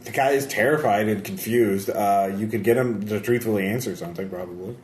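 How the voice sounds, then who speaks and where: A man running a tabletop game as game master, brisk and prompting his players, often laughing. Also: on the low side, darkish tone, slight background noise. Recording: roomy table recording.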